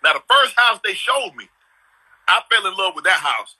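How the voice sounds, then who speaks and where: Middle-aged guy hosting a video call chat, kinda high, husky, real punchy storyteller. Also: big pitch swings, normal speed, pushed and bright, rough recording. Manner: storytelling, emphatic, slangy. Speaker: host. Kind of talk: casual chat.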